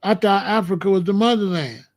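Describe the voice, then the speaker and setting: A man's voice: high voice, fairly quick. A man hosting a livestream, ranting and mocking viewers in the chat in a combative, profane way. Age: adult. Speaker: livestream host. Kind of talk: heated livestream rant.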